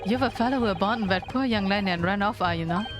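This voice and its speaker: A woman reading a game aloud, voicing a pompous, lordly Victorian gentleman detective with a slow, lowered, grandly polite delivery. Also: over music, close to an everyday voice. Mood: aloof.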